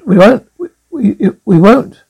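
A man voicing a worried male compound controller, reading from a script in a halting, anxious way. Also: high-pitched, sing-song, creaky, darkish tone, breathy edge, pitched above the performer's own voice, full character voice, poor audio. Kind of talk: script read aloud.

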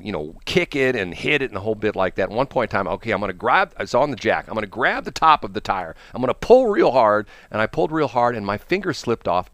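A man's voice: lowish voice, no room sound. A man hosting a morning radio show, telling a rambling story with frequent laughs, from the Midwestern United States. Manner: rambling, animated, laughs often. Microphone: studio microphone.

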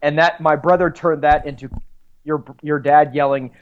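A man co-hosting a podcast, chatting in a relaxed, wry, self-deprecating way. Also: on the high side, normal speed. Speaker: podcast co-host. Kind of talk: casual chat. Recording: dull lo-fi sound.

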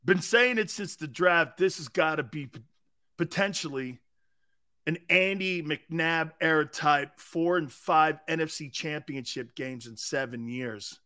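A man's voice: on the high side, unhurried. A middle-aged man hosting a sports talk stream, joking and reading viewer comments aloud. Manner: animated, joking, jumps between chat comments. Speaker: sports talk show host.

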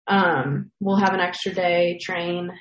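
A woman's voice: fairly low pitch, fairly even intonation, slow, muffled recording, slight background noise. A young woman, an athlete, chatting casually in an interview, with lots of fillers and easy laughter. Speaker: athlete guest. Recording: echoey room.

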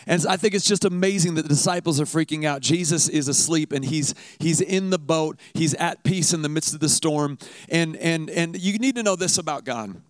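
A man's voice: on the high side, moderate pace, dry recording. A man preaching a sermon in a conversational, emphatic way, often repeating words for effect.

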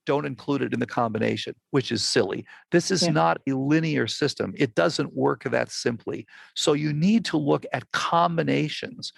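Gravelly older man telling a story. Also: medium pitch, no room sound. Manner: animated storyteller acting out quoted exchanges. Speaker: physician and researcher guest. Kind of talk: conversational interview storytelling.

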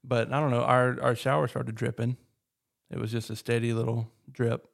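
A man, chatting on a podcast in a flat, deadpan tone that others hear as sarcastic. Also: medium pitch, normal speed, creaky. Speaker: podcast co-host. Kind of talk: casual chat.

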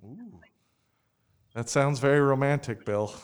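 Playful man with a smooth voice. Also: mid-range voice, measured pace. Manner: playful, joking, laughs often. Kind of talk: casual chat.

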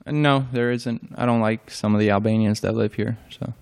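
Hesitant young man, smooth voice. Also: fairly low pitch, fairly even intonation, darkish tone. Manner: hesitant, many pauses and fillers, brief replies. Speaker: interview guest. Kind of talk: casual interview answers.

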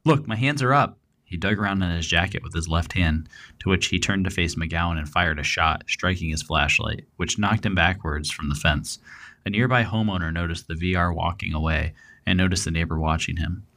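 A man's voice: sits low, brisk. A man co-hosting a true crime podcast, reading out a case and then chatting about it with fillers and a laugh in his talk. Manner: relaxed, thinking aloud with fillers. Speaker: podcast co-host. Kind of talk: true crime narration and chat.

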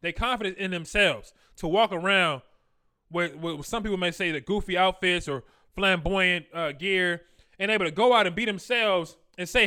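A man's voice: high-pitched, moderate pace, bright, forceful tone, clean tone. A man giving crude, boastful dating advice in a casual monologue, full of slang and laughter, acting out his own conversations. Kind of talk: casual monologue with acted-out dialogue.

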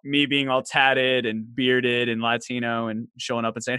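Southern-accented guy hosting a podcast, playful, laughs a lot, mid pitch. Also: level tone, normal speed, bright, forceful tone, clear, resonant tone, no room sound, studio quality. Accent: Southern American, light. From Southwestern Virginia. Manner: chatty, laughs often, playful storytelling. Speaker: podcast host. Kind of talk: casual conversation.

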